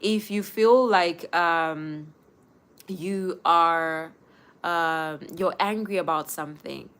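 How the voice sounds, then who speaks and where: A woman's voice: lowish voice, takes it slowly, fairly bright tone, clear, resonant tone. A young woman hosting a casual live stream, speaking earnestly and giving advice straight to her viewers. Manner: earnest, advising viewers directly.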